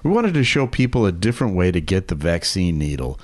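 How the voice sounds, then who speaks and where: Male comedy co-host, low and lively voice, reads quirky news with playful asides. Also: fairly quick. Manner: jokey, reads news stories aloud. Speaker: podcast co-host. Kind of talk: casual comedic chat.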